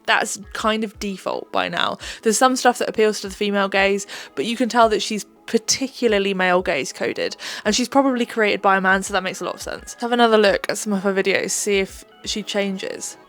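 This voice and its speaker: A woman's voice: medium pitch, fairly quick, hardly any pauses, fairly bright tone, soft background music. A woman hosting a casual commentary on online clips, musing and a bit hesitant, with a self-deprecating streak. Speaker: host, commentator.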